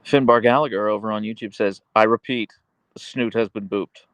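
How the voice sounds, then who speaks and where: A man hosting a casual livestream, reading viewer comments aloud and chatting about his dogs, slipping into a high cooing voice for his pet. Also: fairly even intonation, moderate pace, a bit bright, dry recording. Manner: goes high and cooing when talking to his dog. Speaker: livestream host.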